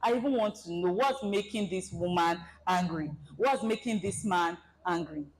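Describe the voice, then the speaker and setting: Animated woman giving a seminar. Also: fairly low pitch, normal speed, slightly rough, poor audio. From Nigeria. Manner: animated, acts out scenarios. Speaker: relationship seminar speaker. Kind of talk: presentation talk to an audience.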